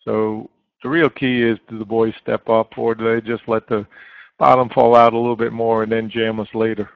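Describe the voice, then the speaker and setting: Gravelly man calling live trades. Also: on the low side, moderate pace, no echo. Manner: steady, coaching tone with frequent fillers. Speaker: trading chat room moderator. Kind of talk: live market commentary. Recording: dry phone-like line.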